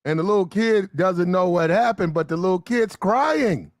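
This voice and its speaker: A man delivering animated commentary as a vivid story full of street slang. His voice sits high for a man and sounds dry and close. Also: normal speed, no echo.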